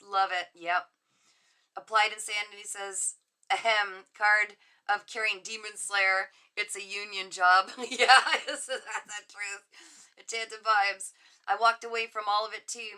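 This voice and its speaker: A middle-aged woman psychic on a live stream, reading viewer comments aloud and answering with emphatic encouragement. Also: mid-range voice. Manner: warm, encouraging, emphatic with frequent laughs.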